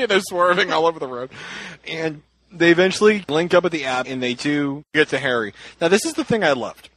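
A man's voice: high-pitched, a little fast, sharp tone, low-quality recording. A man hosting a casual chat, rambling, laughing and acting out quoted lines. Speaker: podcast host.

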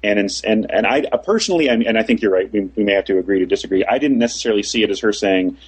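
A man's voice: on the low side, very fast, breathy edge, poor audio. A man co-hosting a casual discussion of a story, thinking aloud and often restarting his phrases. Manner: thoughtful, repeats and restarts phrases.

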